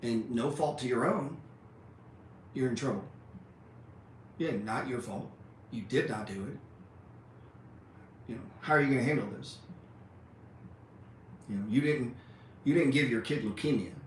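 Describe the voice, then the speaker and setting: A man's voice: medium pitch, a little slow, long pauses. A man hosting a trading show, giving an unscripted motivational talk. He swears freely, speaks bluntly and keeps ending sentences with "man.". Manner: profane, blunt, repeats "man" a lot. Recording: roomy echo with faint ambient noise.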